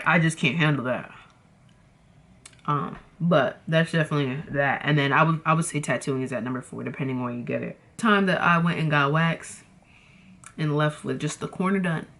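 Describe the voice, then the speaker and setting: Animated young woman telling a storytime. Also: deep voice. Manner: animated, dramatic, slangy, addresses viewers as y'all. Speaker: vlogger. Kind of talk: casual storytime chat.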